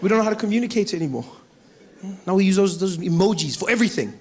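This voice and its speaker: A man doing stand-up comedy on a stage, animated and acting out voices and sounds. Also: sits high, very fast, breathy edge. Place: comedy stage before audience.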